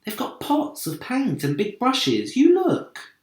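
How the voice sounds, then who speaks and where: A man reading aloud and voicing a young boy who talks in an urgent, hushed half-whisper. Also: extremely high pitch, wildly swooping pitch, takes it slowly, pitched above the performer's own voice, exaggerated voice. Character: small boy hero, hushed and eager. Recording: roomy echo.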